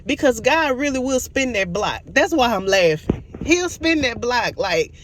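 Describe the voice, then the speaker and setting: A woman recapping a TV episode in a casual vlog, animated and storytelling, laughing often and apologizing for it. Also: on the high side, a little slow, background noise. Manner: giggly, keeps laughing and apologizing; animated storytelling, acts out quotes. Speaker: TV show reviewer.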